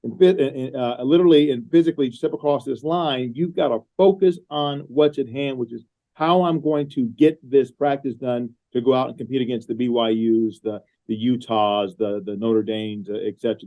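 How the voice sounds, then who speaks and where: Mellow-voiced middle-aged male guest. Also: medium pitch, rough recording. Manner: earnest, repeats words as he gathers his thoughts. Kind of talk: podcast interview conversation. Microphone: remote call.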